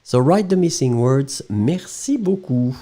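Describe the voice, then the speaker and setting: Slow, patient French teacher, man. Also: mid-range voice, animated, warm tone. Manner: patient, spells words letter by letter, laughs easily. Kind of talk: live-stream language lesson.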